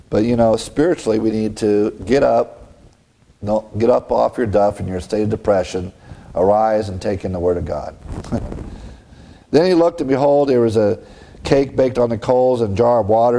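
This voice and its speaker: A man's voice: medium pitch, creaky, warm tone. A man preaching a sermon, reading scripture and adding conversational asides with frequent chuckles.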